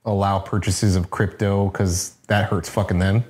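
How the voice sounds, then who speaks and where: A man's voice: deep voice, level tone, normal speed, a little mellow. A man co-hosting a podcast in casual chat, blunt, opinionated and profane. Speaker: podcast co-host.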